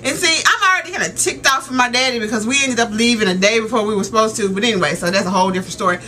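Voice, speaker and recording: A woman in her thirties telling a story in a casual, animated rant, laughing and exclaiming as she goes. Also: on the high side, rapid-fire, slight background noise. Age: 30s. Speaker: vlogger.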